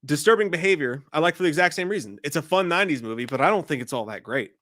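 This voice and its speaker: Bright-voiced man hosting a live show. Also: a little high, expressive, racing, dry recording, studio quality. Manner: loose, profane banter. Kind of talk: casual live-stream chat.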